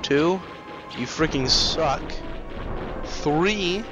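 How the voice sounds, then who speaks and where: An excitable man talks through his gameplay, flustered and quick to trash-talk, with game music playing loudly behind him. His pitch sits at a plain middle height. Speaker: let's play host. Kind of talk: casual gameplay commentary. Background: game music and sound effects.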